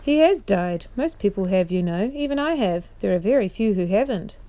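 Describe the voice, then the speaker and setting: A woman voicing a great wise male lion in a bedtime storybook reading, speaking slowly, gravely and quietly. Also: mid-range voice, lively intonation, natural voice.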